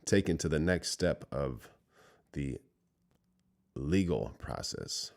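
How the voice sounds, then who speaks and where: A man streaming live, reacting to a clip with rambling commentary that trails off into quiet asides. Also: a bass voice, lively intonation, slow pace, gravelly.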